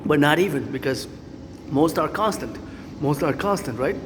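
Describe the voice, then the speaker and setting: A man rambles as he walks, circling back over the same phrases while he thinks aloud. His voice sits a little high for a man. Loud city street noise and passing traffic surround his phone mic. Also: animated, normal speed. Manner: rambling, repetitive, thinks aloud, chants cadences. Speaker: vlogger. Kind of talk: rambling walking vlog.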